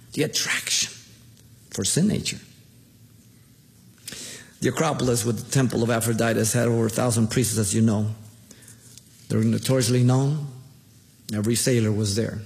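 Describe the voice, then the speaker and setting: A man's voice: medium pitch, gravelly, dark tone. Man preaching in an echoing hall. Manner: preaching with emphatic, rising exhortations. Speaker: pastor. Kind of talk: sermon. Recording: long hall reverb.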